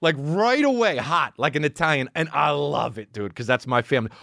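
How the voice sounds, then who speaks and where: An excitable male comedian rants through a story, swearing often and calling everyone "dude". His voice is high and lively, and the sound is dry and close to the mic. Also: a little fast, gravelly, dry recording. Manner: profane, excitable, heavy on "dude".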